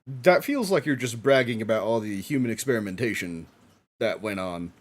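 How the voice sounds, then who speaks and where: A man streaming a live watch-along, reacting excitedly with frequent laughs and casual swearing. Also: fairly low pitch, normal speed.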